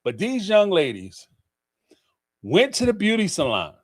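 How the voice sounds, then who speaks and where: A man's voice: high voice, unhurried. A middle-aged man hosting a call-in livestream, giving casual, theatrical commentary with frequent laughter. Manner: animated, theatrical, laughing storyteller.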